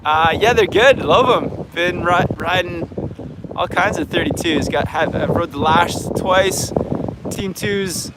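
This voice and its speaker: Hosting a live Q&A for viewers, a Canadian-accented snowboard coach who runs a channel talks slowly in a high voice, frank and relaxed as he thinks out loud. The recording is very noisy.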